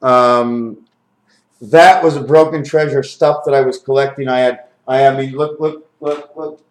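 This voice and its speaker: A man talking to his camera in a rambling home video, counting numbers aloud, correcting himself and getting excited over what he finds. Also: medium pitch, unhurried. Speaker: video maker.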